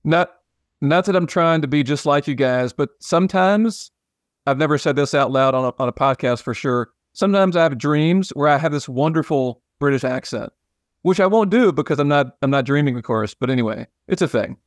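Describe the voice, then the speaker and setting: A man's voice: on the high side, expressive, brisk, dry recording, clean studio sound. A man hosting a podcast, joking and rambling with frequent restarts in casual chat. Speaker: podcast host.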